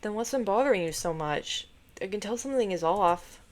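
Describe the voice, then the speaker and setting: A woman's voice: medium pitch, expressive, a little fast, darkish tone, natural voice. A woman voicing a snarky but caring young brother, dry and teasing.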